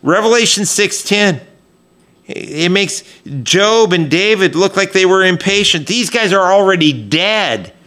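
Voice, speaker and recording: Male pastor, sermon delivery, unhurried and bright, chatty with restarts. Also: high voice, expressive. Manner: conversational preaching with frequent fillers and restarts.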